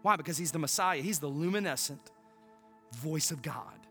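A man's voice: a little high, normal speed, a bit bright, soft background music. A man pastor preaching a sermon, emphatic and asking the congregation rhetorical questions.

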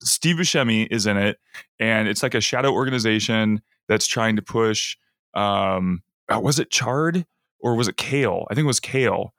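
A man's voice: on the low side, normal speed, fairly bright tone, no echo, clean studio sound. A man chatting casually as a podcast co-host, rambling and losing his thread before starting over. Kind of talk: casual chat.

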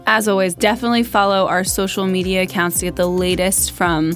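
A woman hosting a podcast in a studio, chatting casually with quick, joking, self-mocking asides and frequent laughter. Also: mid-range voice, level tone, soft background music. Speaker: podcast host.

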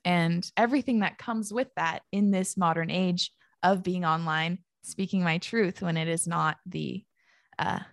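A woman's voice: lowish voice, steady tone, unhurried, vocal fry, dry recording, clean studio sound. A young woman talking casually as a podcast guest. She is chatty, says "like" a lot and laughs often. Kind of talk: casual conversation.

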